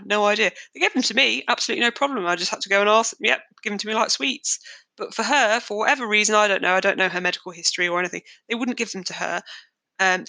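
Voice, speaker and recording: A woman's voice: mid-range voice, bright, forceful tone, no echo, poor audio. A young woman, hosting a podcast and telling her own story in a candid, wry, darkly joking way. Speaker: podcast host. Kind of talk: personal storytelling monologue.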